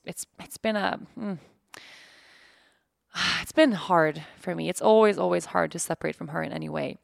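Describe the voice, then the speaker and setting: A woman's voice: fairly low pitch, gravelly, no room sound, clean studio sound. A woman host and yoga teacher talking openly and reflectively about her own life, searching for words with fillers and restarts. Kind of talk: candid personal reflection.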